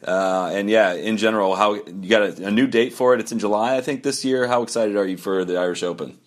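Low-voiced male podcast host. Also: brisk. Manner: easygoing questioner, loose and rambling. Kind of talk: casual podcast interview.

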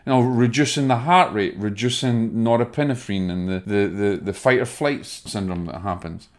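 Soft-spoken Scottish man guiding breathing. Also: on the low side, moderate pace. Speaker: podcast host, medium. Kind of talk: spiritual self-help talk.

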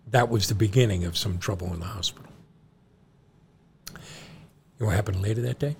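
Gravelly middle-aged dad telling a story. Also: male voice, on the low side, normal speed, slight background noise. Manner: animated storyteller, acts out quoted doctors. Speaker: podcast co-host, John's father. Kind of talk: storytelling to his son on a podcast.

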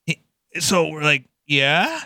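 Podcast co-host, man, crude storyteller, bright edge, fairly high pitch. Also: big pitch swings, slow pace, dry recording, studio quality. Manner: profane storytelling, quoting others. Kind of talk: casual chat.

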